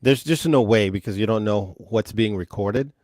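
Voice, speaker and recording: Lower-voiced male co-host, dry sound. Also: normal speed, darkish tone, no echo. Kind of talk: casual review chat.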